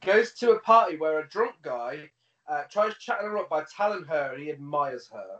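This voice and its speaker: A man's voice: on the high side, normal speed. A man co-hosting a podcast, chatting casually about a film with lots of swearing and laughter. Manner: swearing, laughing, animated storytelling. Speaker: podcast co-host. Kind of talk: casual film review chat. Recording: roomy, distant, dull sound.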